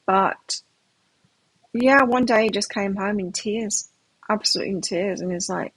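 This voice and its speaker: A woman's voice: mid-range voice, a little slow, fairly bright tone, slightly rough, no room sound, poor audio. A middle-aged woman giving a live tarot reading, chatty and rambling, often restarting her sentences. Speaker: tarot reader.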